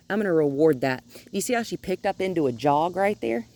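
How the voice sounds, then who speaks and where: Explaining an outdoor training session, this woman dog trainer speaks fairly quickly with few pauses, and slight background noise can be heard. Her tone is calm for instruction. It lifts into a high sing-song whenever she praises the dog.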